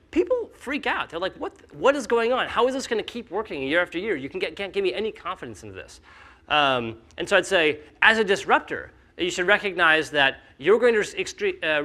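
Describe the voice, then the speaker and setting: A man speaking casually at a conference, animated and full of fillers, acting out the skeptics he quotes. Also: high voice. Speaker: company founder speaking at a conference.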